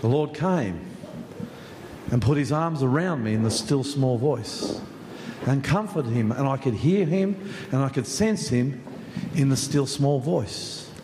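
Australian pastor preaching in an echoey hall. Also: male voice, medium pitch, lively intonation, measured pace, background noise. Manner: swings from hushed to rousing, repeats phrases for emphasis. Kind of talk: sermon. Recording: echoey church hall with faint ambience.

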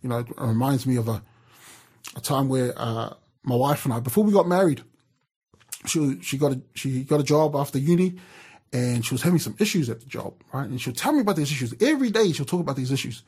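A man's voice: medium pitch, expressive, brisk, a little mellow, breathy edge. A man from New Zealand giving a casual devotional talk, chatty and storytelling, with frequent fillers and restarts. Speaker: radio presenter giving a devotional.

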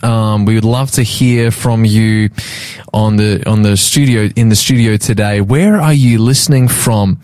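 A man's voice: on the low side, measured pace, darkish tone, no room sound. Earnest male radio host. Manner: earnest, with frequent fillers and restarts. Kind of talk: live Christian radio talk show. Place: radio studio.

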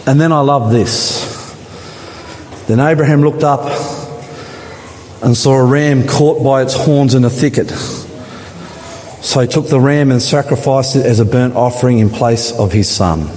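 A man preaching a dramatic sermon in a church, his voice rising higher and louder at the climaxes. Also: expressive, slow, pauses often, slight background noise. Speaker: pastor. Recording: church hall with long reverb.

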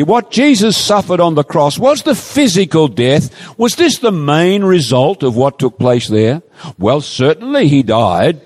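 A man preaches a sermon in a fairly high, very animated voice that swoops up and down as he emphasizes each point. He draws out scripture quotes slowly and pleadingly, and a long reverb makes him sound like he's in a large hall.

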